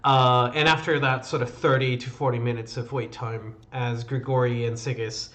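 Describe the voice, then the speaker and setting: A man narrating as game master of an online tabletop game, pausing often with fillers. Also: medium pitch, little pitch movement, fairly bright tone. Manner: halting, many fillers. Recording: slightly dull audio with faint music.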